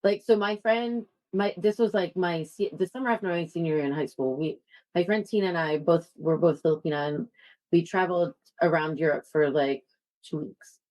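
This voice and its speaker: Chatty woman with a lowish voice. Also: moderate pace, darkish tone, rough recording. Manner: chatty storytelling, many fillers. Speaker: podcast co-host. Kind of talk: casual chat.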